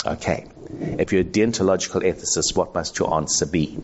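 A man gives a live ethics lesson to a room full of people. His voice sits low, and the recording is dull and lo-fi. He talks conversationally, asks for a show of hands and acts out the voices he quotes. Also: a little fast, slightly rough. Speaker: speaker teaching ethics to an audience. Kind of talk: live talk with audience. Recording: dull lo-fi sound.

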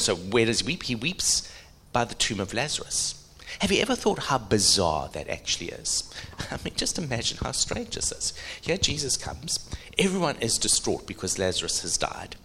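A middle-aged man preaching a sermon, animated, asking the audience questions. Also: on the low side, slight background noise.

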